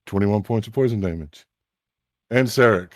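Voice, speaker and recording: Low-voiced game master, dry sound. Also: male voice, moderate pace, no echo. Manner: matter-of-fact, calling out damage and rolls. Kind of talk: running a tabletop game.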